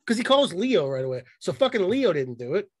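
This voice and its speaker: A man co-hosting a podcast in casual chat, excited and profane, mocking what he talks about. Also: high voice, dry recording. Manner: excited, profane, mocking, quick bursts of mimicry. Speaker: podcast co-host.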